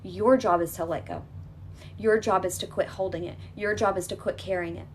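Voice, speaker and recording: A woman's voice: fairly low pitch, moderate pace, slight background noise. A woman leading a guided healing exercise, talking in an emphatic, repetitive coaching manner that is reassuring and direct.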